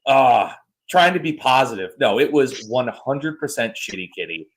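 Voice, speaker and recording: A man's voice: medium pitch, normal speed, rough recording. A man in his thirties co-hosting a podcast, telling stories in a loose, exaggerated way. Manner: animated, exaggerated storyteller. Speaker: podcast co-host. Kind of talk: casual storytelling chat.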